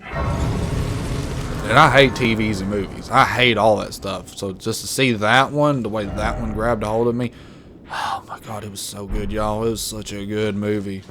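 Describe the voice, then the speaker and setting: A man's voice: on the low side, fairly even intonation, unhurried, fairly bright tone, a little hiss or hum. A man giving casual live commentary while playing a video game, rambling emotionally and repeating himself. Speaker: gameplay commentator.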